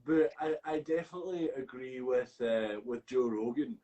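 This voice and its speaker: A man co-hosting a casual talk podcast, animated, laughing often and swearing casually. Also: mid-range voice, a little hiss or hum, low-quality recording. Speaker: podcast co-host. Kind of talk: casual chat.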